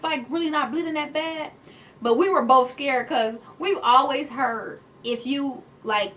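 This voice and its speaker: High-voiced woman telling a storytime, playful, lots of y'all, slight hiss behind. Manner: animated, playful, addresses viewers as y'all. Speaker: vlogger. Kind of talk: casual storytime chat.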